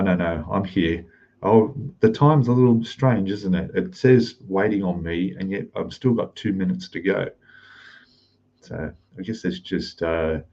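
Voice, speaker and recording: An Australian man hosts a live stream from a rented room, greeting chat viewers one at a time while keeping his voice soft and low. His voice is deep and creaky, and the audio sounds dull.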